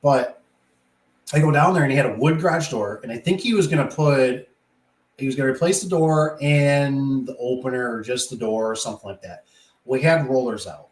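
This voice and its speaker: A man's voice: mid-range voice, moderate pace. A man who installs garage doors, telling work stories in a casual, rambling way and acting out the voices in them. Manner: rambling, animated, acts out quoted voices. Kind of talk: casual storytelling monologue. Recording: echoey room.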